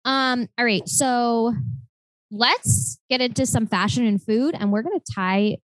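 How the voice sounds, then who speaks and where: A woman's voice: fairly high pitch, a little slow, dry recording, poor audio. Chatty young woman podcast co-host. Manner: chatty, lots of filler words. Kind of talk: casual chat.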